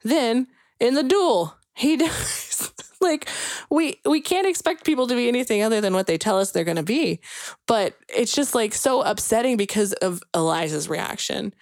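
A woman's voice: on the high side, lively intonation, normal speed, a little mellow, no echo, clean studio sound. A young woman co-hosting a casual chat, telling a story in a rambling, filler-heavy way full of "like" and "you know," and growing emotional at the sad parts. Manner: gushing and emotional when recounting sad moments. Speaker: podcast co-host.

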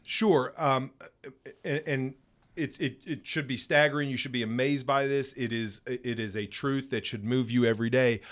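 A man's voice: mid-range voice, fairly even intonation, normal speed. A man co-hosting a pastors' podcast, praying aloud and talking about faith in an earnest, emphatic way. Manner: earnest, emphatic, repeats words when stressing a point. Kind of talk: spoken prayer and podcast discussion.

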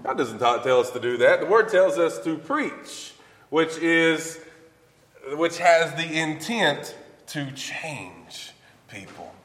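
A man preaching a sermon, animated and emphatic, often repeating and restarting phrases. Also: fairly high pitch, takes it slowly. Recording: echoey hall with long reverb.

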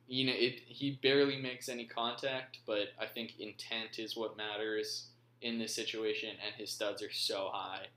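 A man's voice: on the low side, pushed and bright. A man hosting a casual football recap, rambling with frequent ums. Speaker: podcast host. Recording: roomy echo.

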